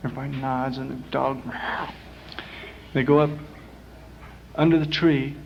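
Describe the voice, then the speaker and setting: A man's voice: medium pitch, level tone, moderate pace, vocal fry, a little hiss or hum. A man telling a long, rambling joke on a club stage, casual and drawling, with lots of filler words, on a muffled 1960s live recording. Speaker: performer telling jokes on stage.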